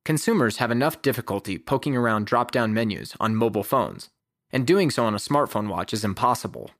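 A man reads a prepared essay aloud for his podcast, keeping a measured, even delivery. The recording is close and bone-dry, with no room sound around his voice. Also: medium pitch, no echo. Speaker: podcast host. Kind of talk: scripted essay narration.

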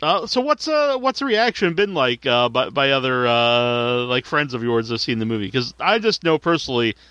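A man hosting an interview, a relaxed listener who laughs easily and agrees often. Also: medium pitch, normal speed, smooth, dry recording. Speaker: podcast host, interviewer. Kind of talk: casual interview chat. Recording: dull, dry, lo-fi recording.

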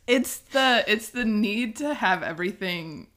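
A woman's voice: medium pitch, lively intonation, measured pace, a bit bright. A woman co-hosting a podcast in casual chat, hesitant and searching for her words. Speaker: podcast co-host.

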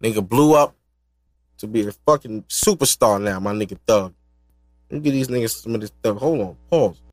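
A man's voice: fairly low pitch, moderate pace, no echo. Male solo podcast host, casual and profane, rambling talk, dry close sound. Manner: loose, profane, rambling, laughs often.

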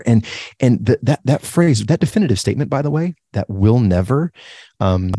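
A man co-hosting a casual Bible study discussion, enthusiastic and animated, often repeating his agreement. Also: mid-range voice, normal speed, dry recording, studio quality.

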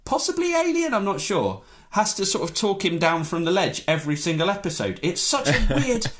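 A man in a casual chat, ranting in an animated, exaggerated comic way. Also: sits high, fairly quick, a little hiss or hum.

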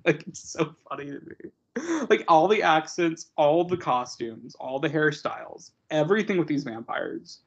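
This co-host is a young man whose somewhat high, creaky, husky voice moves a little slowly with lively intonation. The dull lo-fi podcast recording catches him rambling, mocking, laughing often and filling his casual chat with fillers.

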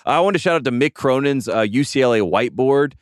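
Smooth-voiced enthusiastic sports podcast host. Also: male voice, mid-range voice, lively intonation, quick pace, dry recording, clean studio sound. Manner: rambling, enthusiastic, repeats words often. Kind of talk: casual sports podcast chat. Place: studio.

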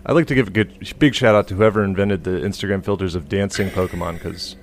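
A man's voice: deep voice, quick pace, over a noisy crowd. A man co-hosting a podcast, joking and rambling in casual chat. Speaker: podcast co-host.

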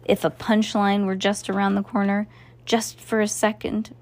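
A woman's voice: mid-range voice, little pitch movement, normal speed, lightly acted. A woman putting on a mischievous old Italian magician. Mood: sly. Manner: slightly comical, mischievous. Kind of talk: storybook reading.

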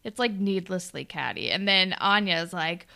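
A woman's voice: lowish voice, moderate pace, vocal fry, sharp tone. A woman chatting casually as a podcast co-host, recapping a show and mimicking characters.

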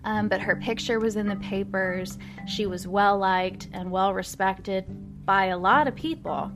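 A woman's voice: medium pitch, measured pace, a bit bright. A woman hosts a history podcast in a casual storytelling way. She reads old newspaper quotes and adds chatty, wry asides with the odd um. Music plays behind her voice. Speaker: podcast host.

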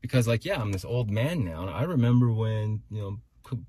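A man's voice: on the low side, lively intonation, fairly quick, warm tone, breathy edge. A man hosting his own podcast, rambling through a solo monologue with many restarts. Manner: rambling, restarts, talks himself through complaints. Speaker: podcast host.

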